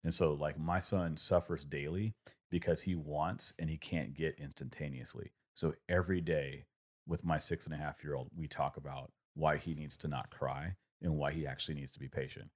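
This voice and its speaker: A man's voice: rumbling low, steady tone, moderate pace. A man in his thirties talking reflectively in a casual conversation, rambling through a story with many fillers.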